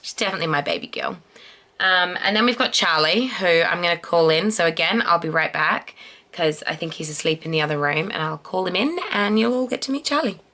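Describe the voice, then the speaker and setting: A woman's voice: fairly low pitch, expressive, brisk, sharp tone. A young woman vlogging casually at home, chatty and affectionate, cooing at her dogs as she talks to the camera. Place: home, indoors. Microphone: camera resting on the bed.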